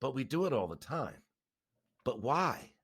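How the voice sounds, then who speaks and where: A man's voice: mid-range voice, sing-song, unhurried, breathy edge. A man co-hosting a podcast, chatting casually in a reflective way and chuckling often. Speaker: podcast co-host. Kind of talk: casual chat.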